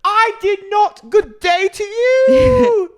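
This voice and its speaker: A man doing a comedic impression of a haughty, prim woman with a posh British accent, in a high, clipped voice. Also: very slow, heavily acted. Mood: mocking.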